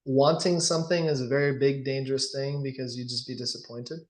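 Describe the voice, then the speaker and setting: A man coaching on sales, lively and acting out the dialogues he describes. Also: mid-range voice, a little fast. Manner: animated, acts out sales dialogues. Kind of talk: casual coaching session.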